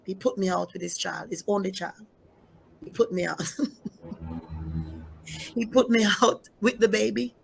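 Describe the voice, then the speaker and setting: A woman's voice: medium pitch, a little slow, gravelly, pauses often, slight background noise. A middle-aged woman pastor telling her personal testimony in an interview, emphatic, repeating key phrases and speaking straight to her listeners.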